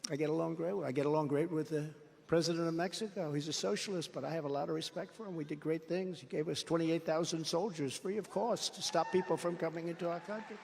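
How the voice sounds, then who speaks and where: A man's voice: on the high side, fairly even intonation, fast talker, gravelly, darkish tone, long reverb tail. A man giving an off-the-cuff political rally speech, boastful and repetitive, telling rambling stories in a large indoor venue. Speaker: political speaker.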